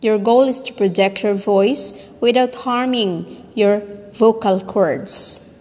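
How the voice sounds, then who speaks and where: A woman teacher giving a voice lesson, speaking slowly and deliberately and demonstrating sounds and word stress. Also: medium pitch, a little mellow. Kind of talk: recorded voice lesson. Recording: long reverb.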